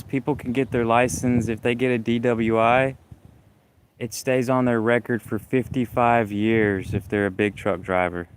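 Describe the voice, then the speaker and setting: A man with a Southern US accent chatting casually on a livestream, talking slowly around a stammer. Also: mid-range voice, clean tone. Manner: stammer, slow careful breathing; chatty, rambling. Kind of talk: casual live chat.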